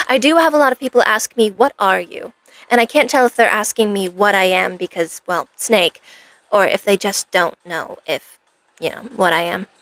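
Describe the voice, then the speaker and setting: Brief: woman streamer, in-character cosplay chat, sarcastic rambling banter, vocal fry. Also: mid-range voice, fairly bright tone.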